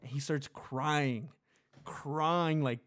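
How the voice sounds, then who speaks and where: Male podcast co-host, chatty storyteller, slightly high voice, acts out quotes. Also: steady tone, drawn-out words, a bit bright. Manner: laughs often while telling. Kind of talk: casual storytelling chat.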